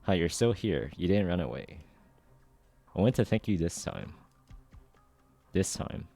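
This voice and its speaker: A man's voice: low voice, lively intonation, measured pace, creaky, dark tone, soft background music, full character voice. A man reading the lines of a shy, grateful schoolgirl in a storybook readthrough, in a plain, earnest way.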